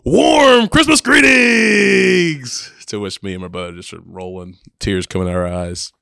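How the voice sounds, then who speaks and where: A man's voice: deep voice, monotone, fast talker, vocal fry, smooth, dry recording, studio quality. A man chatting casually, telling family stories with frequent laughter and acted-out quotes. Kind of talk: casual storytelling chat.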